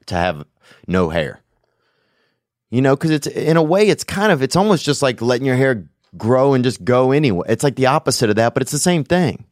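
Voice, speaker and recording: With a medium-pitched voice and studio-quality audio free of room sound, a man hosting a call-in podcast chats and jokes with a caller. He rambles and swears without restraint in this casual conversation.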